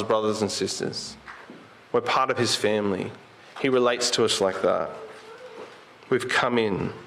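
A man preaching a sermon in a relaxed, conversational way, with a voice of middle pitch. He keeps asking his listeners questions, and he slows down and lifts his voice for quoted verses. A faint hiss sits under the recording. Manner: conversational, asks the congregation rhetorical questions; slows down and lifts his voice when quoting Jesus.

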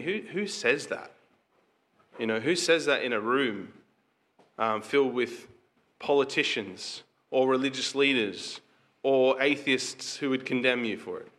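A man's voice: mid-range voice, measured pace, sharp tone. A pastor preaching a conversational sermon to his congregation, asking rhetorical questions and reading scripture aloud.

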